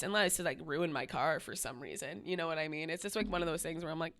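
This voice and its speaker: A woman co-hosting a podcast in easy, casual chat, with a low voice and a gravelly edge. She is direct and keeps up a steady stream of fillers. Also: a little fast. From Boston area. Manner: direct, talks with lots of fillers. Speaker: podcast co-host.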